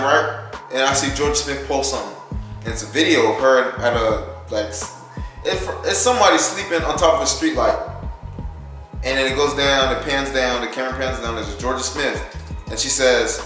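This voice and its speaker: A young man chats his way through a casual reaction vlog, wandering off track and swearing as he jokes along. His voice bounces hard off the walls of a very reverberant room. Music plays clearly in the background the whole time. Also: mid-range voice. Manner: rambling, profane, joking. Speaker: YouTube reaction host. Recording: very echoey room with music behind.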